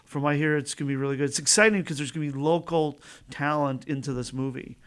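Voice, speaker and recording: A man's voice: fairly high pitch, fairly bright tone, clear, resonant tone. A man appearing as a guest on a community radio talk show, chatting casually and readily agreeing with the host. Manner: friendly, gushing, quick to agree. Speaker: guest, insurance agency owner. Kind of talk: casual studio chat. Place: radio studio.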